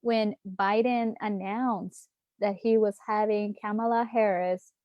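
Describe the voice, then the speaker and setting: A woman's voice: mid-range voice, steady tone, slow, muffled recording. A woman hosting a casual livestream town hall as a political candidate, talking from home in a chatty, heartfelt way with lots of fillers. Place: at home, streaming live.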